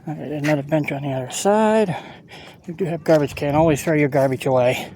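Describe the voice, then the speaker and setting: A walking tour vlogger ambles along an outdoor levee, filming on a handheld phone camera and giving loose, halting, rambling commentary, often stopping to warn about safe swimming. He's a little out of breath from walking. His voice is fairly high with a darkish tone, and faint outdoor noise sits underneath.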